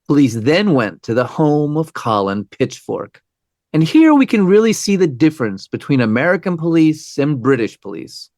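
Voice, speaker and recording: A man's voice: a little high, very animated, normal speed, a little mellow, no echo, clean studio sound. A man co-hosting a true-crime podcast, telling the story with wry, conversational asides. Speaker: podcast co-host.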